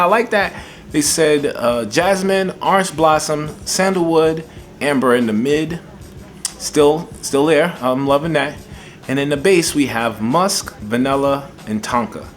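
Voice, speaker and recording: A man reviewing fragrances in a casual vlog, excitable and enthusiastic, with a folksy way of talking. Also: fairly high pitch, unhurried, faint music behind.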